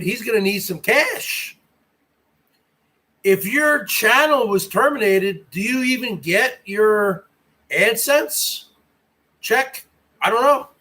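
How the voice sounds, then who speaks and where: On his livestream, the host brags and rants in a very high-pitched, pushed, bright voice, mocking brashly and swearing a lot.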